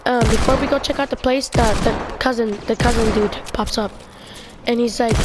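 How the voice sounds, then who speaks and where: Young woman, high-ish voice, rambling casual storyteller, slight noise. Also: fairly even intonation, moderate pace. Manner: rambling, many fillers and restarts. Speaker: video creator.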